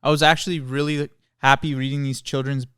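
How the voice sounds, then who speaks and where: A man co-hosting a podcast who talks with earnest, playful enthusiasm. His voice is clear and smooth, captured close in a dry studio with no echo. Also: medium pitch, fairly quick. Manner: earnest, playful, easily excited. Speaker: podcast co-host. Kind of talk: casual chat.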